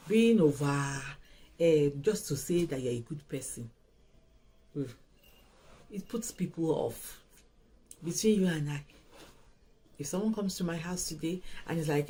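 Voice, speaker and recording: Host, woman; husky, repeats points with emphasis. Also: on the low side, low-quality recording. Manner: animated, emphatic, repeats phrases and restarts. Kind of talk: casual advice talk.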